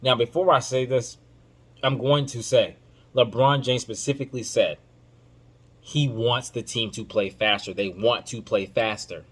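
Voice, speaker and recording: A man hosting a podcast, giving casual basketball commentary in an emphatic, informal, slang-heavy way that swings between loud outbursts and low muttering. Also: fairly even intonation, a little slow, husky. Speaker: podcast host.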